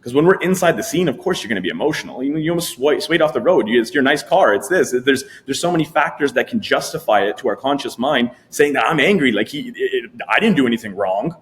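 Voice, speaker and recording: Animated male coach explaining a method. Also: mid-range voice, quick pace, hardly any pauses. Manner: animated, acts out example voices. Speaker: guest coach. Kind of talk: explaining a technique in interview.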